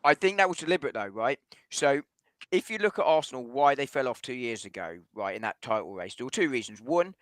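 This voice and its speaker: A man argues football tactics at a fast clip, weighing each point and restarting sentences as he goes. His voice is sharp in its pace and sounds close and dry, with little room around it. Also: mid-range voice, very animated, dry recording. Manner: fast, reasoned, hedging with restarts. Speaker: podcast panelist. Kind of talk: casual football debate.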